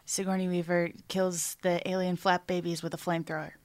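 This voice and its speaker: A woman's voice: lowish voice, flat delivery, a little fast, dry recording. A woman co-hosting a podcast, chatting casually about a film with dry, self-deprecating humor. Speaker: podcast co-host. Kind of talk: casual movie discussion.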